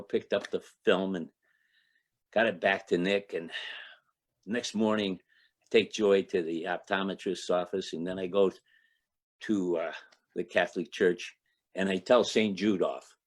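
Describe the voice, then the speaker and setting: A man's voice: measured pace, long pauses. A man in his eighties from Toledo, Ohio, telling an anecdote to a club audience as a guest speaker, chuckling and acting out the dialogue in a raised voice. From Toledo, Ohio, United States. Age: 80s. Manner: lively raconteur, acts out quoted dialogue with raised pitch; chuckles between lines, frequent restarts.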